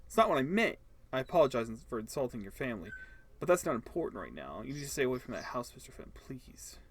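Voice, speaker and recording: A man's voice: mid-range voice, big pitch swings, quick pace, breathy edge. A man voicing a polite, anxious neighbour who speaks formally and apologetically. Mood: polite, urgent.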